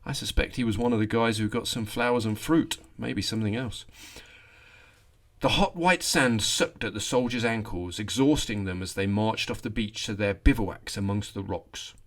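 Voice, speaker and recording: A male history podcast host telling a scripted war story. His voice sits on the lower side, and he livens the reading with dry little asides. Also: moderate pace. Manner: lively storytelling with wry asides.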